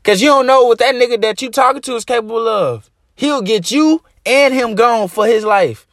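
A man's voice: sits high, dry recording, clean studio sound. Slangy young man telling a story. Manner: slangy, animated, acts out phone dialogue. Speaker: podcast host. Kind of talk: casual storytelling monologue.

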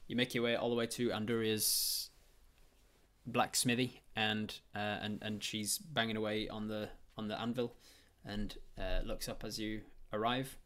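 A man's voice: lowish voice, flat delivery, unhurried, fairly bright tone. Rambling male game master. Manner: rambling, with frequent ums and restarts. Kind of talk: narrating a tabletop game on stream.

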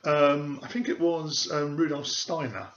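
A man hosts a podcast as a psychic medium, speaking emphatically and with open scorn for frauds. His voice is bright and forceful. The recording is roomy and a little muffled. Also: fairly high pitch, fairly even intonation, a little slow, a little hiss or hum. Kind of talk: podcast monologue. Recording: echoey room, dull audio.

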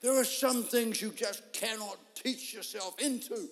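A man preaching a sermon, telling a story in an animated way and acting out the voices of people in it. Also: high voice, a little slow, soft background music. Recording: long hall reverb.

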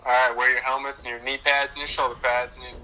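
A male designer talks bluntly and excitedly, swearing casually. His recording has clear background noise with occasional clicks. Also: medium pitch, fast talker, poor audio. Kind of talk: casual chat.

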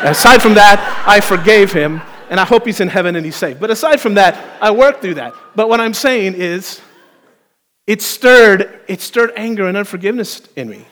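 A man preaching a sermon as pastor, telling a story with playful, animated asides to the congregation. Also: sits high, a little hiss or hum. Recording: long hall reverb.

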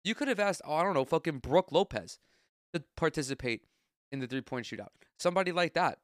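A man's voice: a little high, animated, brisk, no echo, studio quality. A congested man hosting a solo sports podcast, ranting bluntly and profanely in casual talk. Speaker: podcast host.

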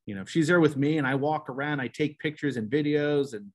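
A middle-aged man with a New Jersey accent, hosting a podcast in casual, animated chat with quick restarts. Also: on the high side. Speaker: podcast host.

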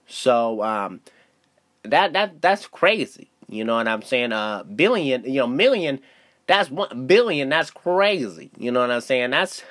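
Young male podcast host, loose and profane, very animated delivery. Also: mid-range voice. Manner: loose, profane storytelling with lots of fillers. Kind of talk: casual solo podcast monologue.

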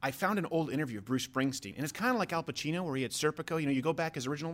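A man hosting a comedic podcast in casual chat, joking around and putting questions to his guest. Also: a little high. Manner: animated, quick, jokey, asks questions. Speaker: podcast host.

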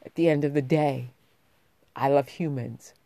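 In a vlog, a woman shares a personal story in a heartfelt, rambling way, restarting often and growing emotional as she speaks. Her bass voice is dark-toned and a little slow, captured in a dry recording.

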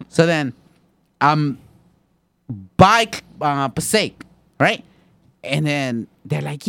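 Animated young man telling a story. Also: on the high side, moderate pace, clean tone, no echo. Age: 20s. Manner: animated, profane storytelling, acts out quoted voices. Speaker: storyteller among friends. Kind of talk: casual chat.

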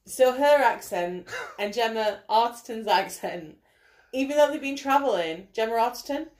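A woman in casual film chat, quick to pick at the film's flaws. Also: fairly high pitch, expressive, a little mellow.

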